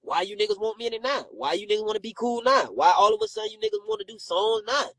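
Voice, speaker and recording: A high-voiced man ranting on a live stream, brash and heavy on profanity as he hits back at critics. He talks into a phone in a dry, close space. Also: lively intonation, fast, creaky, fairly bright tone, no room sound, low-quality recording. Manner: brash, profane, confrontational, repeats insults at critics. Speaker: rapper and comedian on a live stream.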